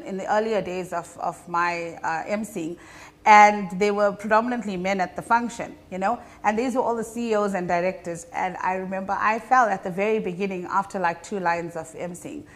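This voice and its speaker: A woman with a South African Indian English accent, a comedian being interviewed, telling stories in an animated, chatty way with many fillers. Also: medium pitch, normal speed. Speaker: comedian guest. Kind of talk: casual interview chat.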